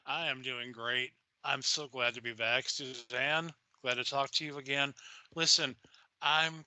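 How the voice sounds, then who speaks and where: A man's voice: medium pitch, bright, forceful tone, dry recording, poor audio. An older man with a Southern US accent, chatting enthusiastically and rambling as a podcast co-host. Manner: enthusiastic, rambling, swears casually. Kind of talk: casual chat.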